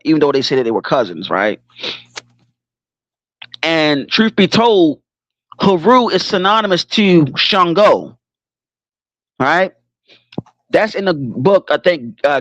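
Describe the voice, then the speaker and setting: The recording is dry and muffled: a livestream host with a slightly high voice rambles in slangy bursts and swears without restraint. Animated and laughing, he keeps cutting himself off to regroup.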